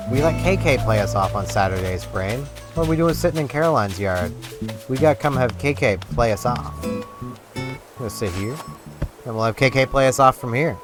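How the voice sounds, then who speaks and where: A man rambling casually while playing a video game, chatty and self-deprecating, with game music behind him. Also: medium pitch. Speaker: gaming vlogger. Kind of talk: casual gameplay commentary.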